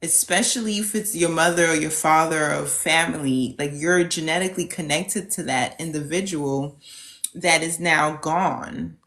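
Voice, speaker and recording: A woman's voice: deep voice, normal speed, fairly bright tone. A woman guest on a podcast, talking in a reflective, thoughtful way in loose run-on phrases. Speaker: podcast guest, end-of-life specialist. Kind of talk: casual podcast conversation.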